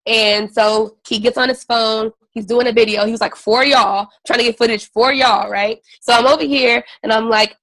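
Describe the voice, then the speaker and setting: A woman retelling a story on a call in a loose, animated way, full of "like" and "right", acting out what others said. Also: a little high, moderate pace, few pauses, no echo, poor audio. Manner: animated retelling, acts out quotes, many fillers like "like" and "right". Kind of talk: casual storytelling on a team call.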